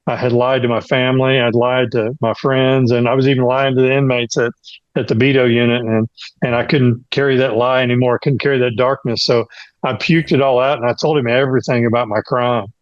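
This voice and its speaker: A man's voice: medium pitch, steady tone, fairly quick, no echo, dull audio. A man giving an earnest personal testimony as a guest, with frequent fillers. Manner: earnest storytelling, many fillers.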